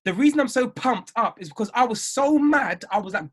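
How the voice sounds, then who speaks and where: Animated man with a lively voice. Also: very high voice, a little fast. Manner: animated, repetitive, emphatic. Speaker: trading coach. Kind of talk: motivational video call with traders. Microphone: video call.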